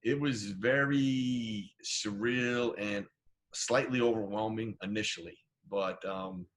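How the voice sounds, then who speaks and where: A man's voice: lowish voice, steady tone, slow, fairly bright tone, slight background noise. A middle-aged man from Idaho, guesting on an interview show and spinning stories from his playing days. He talks casually and with animation, slipping into the voices of the people he quotes. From Idaho, USA. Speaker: guest, former football player.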